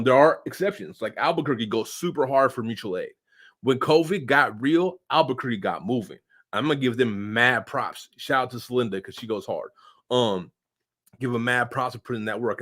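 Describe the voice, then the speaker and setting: A man casually answering viewer comments in a loose, slangy, rambling way, full of fillers and sudden swings in loudness. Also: medium pitch. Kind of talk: casual unscripted political commentary.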